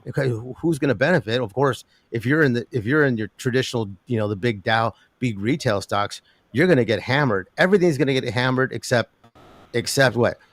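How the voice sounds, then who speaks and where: An older man, a guest in an interview talking about metals markets, who rambles with an animated delivery, many restarts and laughs. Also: mid-range voice, brisk, no echo. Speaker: precious metals commentator.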